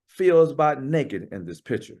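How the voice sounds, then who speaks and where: A man voicing a calm, amused female coworker in a low, quiet, unhurried voice. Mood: matter-of-fact.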